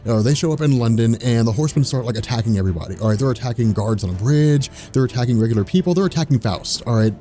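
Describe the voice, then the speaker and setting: A man's voice: medium pitch, mellow. Rambling, slangy male comic recapper. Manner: rambling, filler-heavy, slangy. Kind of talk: casual story recap.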